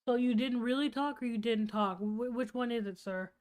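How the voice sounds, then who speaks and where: Woman, streamer, sarcastic reaction commentary, fairly high voice. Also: moderate pace, darkish tone, clear, resonant tone. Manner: sarcastic, mocking.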